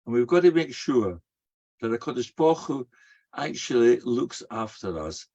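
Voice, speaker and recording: A man's voice: mid-range voice, big pitch swings, normal speed, warm tone. A man giving a sermon as a rabbi, telling stories and asking and answering his own rhetorical questions, peppered with Hebrew and Yiddish terms. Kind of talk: sermon to a live audience. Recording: dull lo-fi recording.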